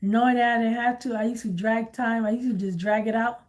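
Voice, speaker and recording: A woman's voice: a little high, steady tone, fairly quick, darkish tone. A woman hosting a live tarot stream, telling stories in a casual, chatty way and laughing often.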